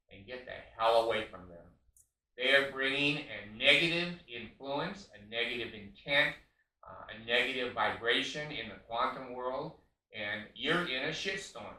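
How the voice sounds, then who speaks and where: A man's voice: medium pitch, a little slow, sharp tone. A man in his late seventies, a counselor giving blunt spiritual advice with profanity and many fillers. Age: 70s. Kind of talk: spiritual self-help monologue. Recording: echoey room, far from mic.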